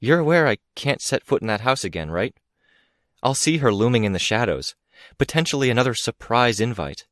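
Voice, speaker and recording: A man's voice: mid-range voice, sing-song, a little fast, a bit bright, no echo, clean studio sound, voice pushed up. A man reading an audiobook, voicing a distraught young woman who speaks in a strangled, breathless whisper, bitter and accusing.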